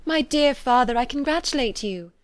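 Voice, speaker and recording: A woman reading a classic novel aloud, voicing a gentle, kind-hearted young woman who speaks softly and earnestly. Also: sits high, animated, moderate pace, no echo, pitched above the performer's own voice. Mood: hopeful, earnest.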